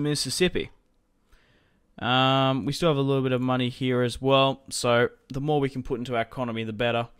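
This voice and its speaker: A young man talks his way through a strategy game in a casual, rambling way. His voice is smooth and clear at an everyday middle pitch. He sounds like he is at a desk mic in a room at home. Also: a bit bright. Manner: chatty, rambling, laughs often. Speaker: gaming commentator.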